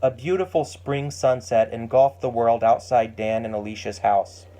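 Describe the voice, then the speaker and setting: A man reading a family story aloud as a steady, gentle narrator. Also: medium pitch, moderate pace. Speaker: audiobook narrator.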